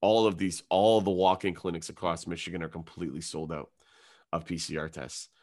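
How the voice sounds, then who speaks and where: This young man from Canada is a comedian guest on a podcast, rattling off a long, profane comic story fairly quickly in a low voice. He performs both his own and others' lines loudly, with lots of energy.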